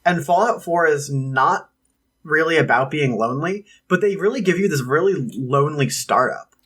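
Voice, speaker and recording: A man co-hosting a podcast, chatting in a relaxed, easygoing way and dropping 'like' often. His voice sits a bit higher than most men's. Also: normal speed, breathy edge. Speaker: podcast co-host. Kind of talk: casual podcast chat.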